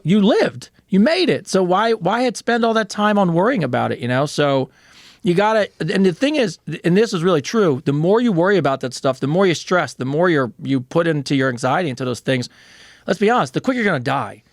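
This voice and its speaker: A man's voice: fairly high pitch, dry recording, clean studio sound. A man co-hosting a casual podcast, speaking frankly and matter-of-factly and swearing casually. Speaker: co-host.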